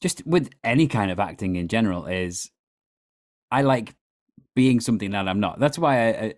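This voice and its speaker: A man hosting an improv podcast, talking in a relaxed, reflective way. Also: fairly low pitch, normal speed. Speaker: podcast host. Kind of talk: casual podcast chat.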